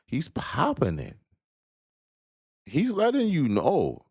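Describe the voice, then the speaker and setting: A man's voice: extremely low pitch, gravelly, dry recording, clean studio sound. A man hosting a reaction show, talking in a casual, slangy, enthusiastic way and often repeating himself. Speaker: host reacting to a video.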